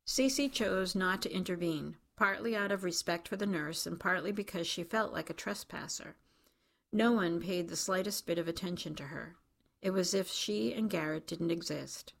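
A woman's voice: lowish voice, moderate pace, creaky. A woman narrating an audiobook in a wry, dry storytelling manner.

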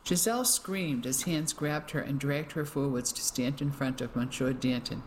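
An audiobook narrator reading a wartime novel in an even, measured way. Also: a little hiss or hum, rough recording. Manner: reads evenly, shifting pitch for characters. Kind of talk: scripted narration.

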